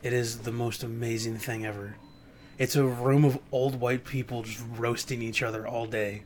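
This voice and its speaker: A man's voice: fairly even intonation, normal speed, slight background noise. Young man rambling through a story. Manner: rambling storytelling with bursts of high mocking voices. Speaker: podcast co-host. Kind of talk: casual chat.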